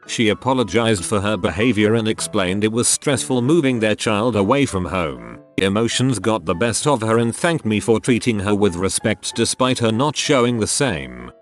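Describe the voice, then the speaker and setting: A man reading online stories aloud as a narrator, in a steady, even storytelling manner. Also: lowish voice.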